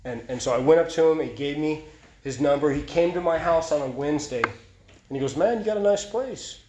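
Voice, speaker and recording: A man's voice: fairly high pitch, fairly quick, background noise. A man giving an earnest, confessional personal testimony at a recovery meeting, often repeating and restarting his phrases. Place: meeting room. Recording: echoey meeting room.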